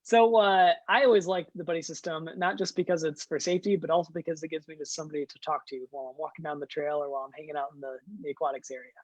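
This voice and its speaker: A man's voice: a little high, steady tone, racing, hardly any pauses, no room sound, low-quality recording. A man hosting a scouting den meeting for young kids, upbeat and leading activities with frequent "uh" fillers.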